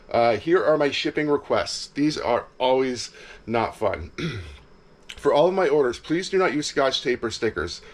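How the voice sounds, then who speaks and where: Easygoing man chatting about resales. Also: mid-range voice. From Canada. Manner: easygoing, rambling, frequent fillers. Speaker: reseller vlogger. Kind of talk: casual vlog chat. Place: cold backyard shed with heater.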